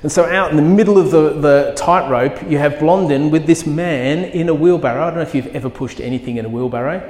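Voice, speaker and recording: A man's voice: a little high, a little fast, darkish tone. A man preaching a sermon as pastor, telling a story with vivid, emphatic quoted lines. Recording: echoey hall with long reverb.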